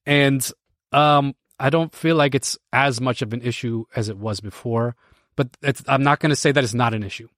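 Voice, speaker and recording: An American man near forty tells a story with lots of animation, restarting sentences and laughing between thoughts. His voice sits at a medium pitch. It is recorded on a close mic in a dry space with no room echo. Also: moderate pace, fairly bright tone. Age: 30s. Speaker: podcast host. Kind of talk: casual storytelling to a live stream audience.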